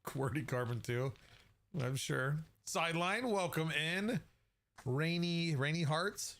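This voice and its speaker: A man's voice: fairly high pitch, takes it slowly, a bit bright. Chatty man hosting a livestream. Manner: chatty, laughs often, greets chat by name. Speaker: livestream host. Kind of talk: casual livestream chat.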